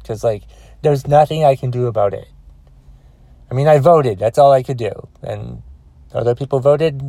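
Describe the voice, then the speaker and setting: A man's voice: a little high, dark tone, dry recording. A man ranting alone into his phone, exasperated and profane, rambling with frequent restarts. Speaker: solo podcaster. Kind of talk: casual rant.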